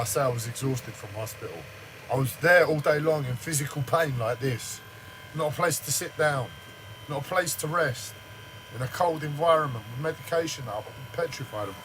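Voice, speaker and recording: A man's voice: mid-range voice, moderate pace, a bit bright, slight background noise, rough recording. A man in a shaken, agitated livestream rant who swears heavily and sounds like he is in shock. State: shaken, says he speaks like he is in shock. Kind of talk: angry personal rant. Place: standing in front of a camera.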